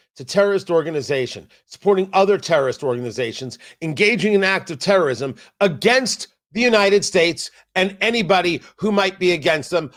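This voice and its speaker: Male talk show host doing a political rant, sarcastic and jokey, voice goes high and swings all over. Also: fairly bright tone. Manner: sarcastic, emphatic, jokey asides. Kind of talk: political commentary monologue.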